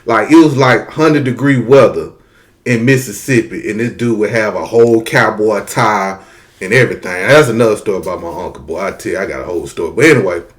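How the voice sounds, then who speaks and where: A man telling a story casually and with lots of profanity, talking straight to his audience. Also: fairly low pitch. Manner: animated, profane, addresses the audience as y'all.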